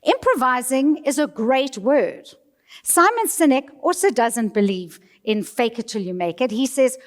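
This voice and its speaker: Animated high-voiced woman telling a story. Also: a little slow. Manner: animated, dramatic storyteller addressing the audience. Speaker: keynote speaker. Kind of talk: storytelling motivational talk. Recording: reverberant hall.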